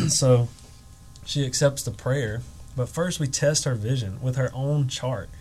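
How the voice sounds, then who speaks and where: A man telling a personal story as a guest on a podcast, animated, acting out the quotes with emotion. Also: mid-range voice, slow pace, slight background noise, rough recording.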